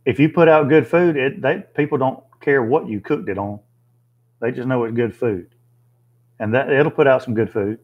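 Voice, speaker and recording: A man's voice: mid-range voice, normal speed. Man, folksy livestream host, mid-range voice, slightly dull audio. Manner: folksy, plainspoken, thinks aloud with fillers. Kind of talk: casual live chat reading viewer comments.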